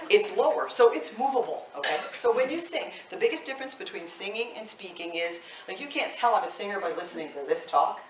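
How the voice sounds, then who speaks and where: A woman in her fifties, a voice teacher leading a live vocal workshop, chatty and animated, laughing often. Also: medium pitch, brisk, hardly any pauses, a crowd in the background. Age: 50s. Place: indoor workshop room. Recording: echoey room, mic at a distance.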